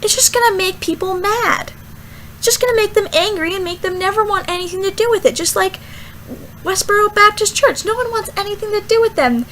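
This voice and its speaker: A young woman, a student, rambling casually through a Bible verse vlog with lots of fillers and animated asides. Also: very high voice, fairly quick, slight background noise, rough recording. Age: young adult. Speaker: student vlogger.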